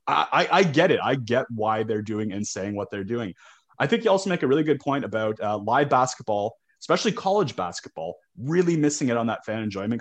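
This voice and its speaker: A man co-hosting a sports podcast, talking casually and often stumbling over the first words of his sentences. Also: on the low side. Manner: talkative, repeats words when starting sentences. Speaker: podcast co-host.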